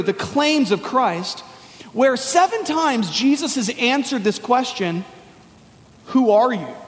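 A man with a very high voice preaches in a casual, storytelling style, easing into folksy slang as he tells his story. His voice rings out with the long reverb of a large hall. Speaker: pastor. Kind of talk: sermon.

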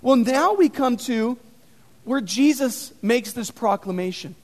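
A man preaching an animated sermon, telling stories with dramatic emphasis. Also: very high voice, measured pace. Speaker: pastor. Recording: long reverb in a hall.

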